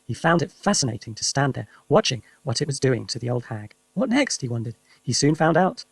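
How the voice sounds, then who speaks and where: A man reading a children's story aloud for English learners with lively, expressive narration. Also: medium pitch, brisk, creaky, breathy edge, no echo. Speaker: reader.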